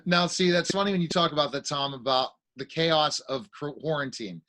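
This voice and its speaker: Bright-voiced upbeat male host. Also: on the high side, a little fast. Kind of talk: casual interview hosting.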